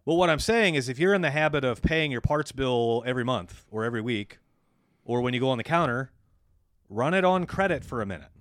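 A man's voice: medium pitch, lively intonation, a little fast, a bit bright, no room sound, clean studio sound. A man co-hosting a business podcast, telling stories and then giving blunt advice to business owners. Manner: storytelling, coaching business owners. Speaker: podcast co-host. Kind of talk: casual business podcast chat.

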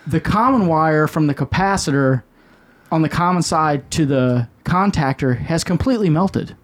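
Middle-aged male podcast host, slightly high voice, swears freely and tells stories with animated emphasis. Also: moderate pace. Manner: profane, animated, emphatic storyteller. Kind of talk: casual storytelling chat.

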